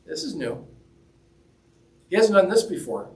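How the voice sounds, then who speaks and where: Guy preaching in a church, high voice, jokey and chatty, sounds far off the mic. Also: sing-song, a little slow. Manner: conversational, joking, acts out quoted lines. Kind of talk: sermon. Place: church hall. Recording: roomy echo, mic at a distance.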